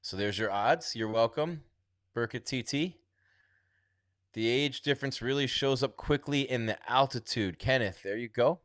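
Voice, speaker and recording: Speaking at a moderate pace in a mid-range voice, this livestream host reads his chat out loud and talks casually about a fight that's coming up. His manner is chatty, and his sentences often fade off quietly. It's a clean studio recording with no echo.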